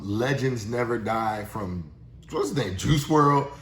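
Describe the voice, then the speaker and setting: Chatty motivational sales trainer, echoey room. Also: male voice, medium pitch, sing-song, a little slow. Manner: chatty, uses tag questions and frequent restarts. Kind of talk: casual motivational talk.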